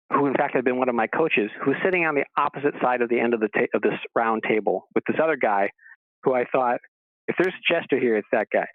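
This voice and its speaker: Over a tinny phone line, a man with a medium-pitched voice chats as an interview guest, and the recording is dry. He's an animated storyteller who raises his voice whenever he acts out what people said.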